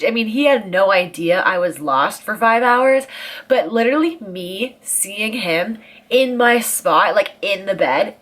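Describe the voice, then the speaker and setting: A woman in her twenties, a vlogger telling a story in casual chat, animated and profane, leaning hard on dramatic emphasis. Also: mid-range voice, measured pace.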